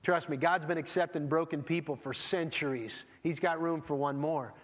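A man's voice: fairly high pitch, normal speed, in a large hall. A man in his thirties preaching a conversational sermon as a pastor, acting out bits of dialogue.

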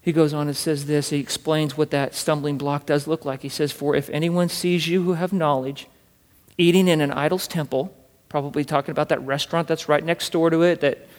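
A man preaching a sermon from scripture, fervent, swinging between loud urging and hushed asides and repeating words as he builds a point. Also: fairly high pitch, steady tone, a little fast, big-room sound. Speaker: pastor.

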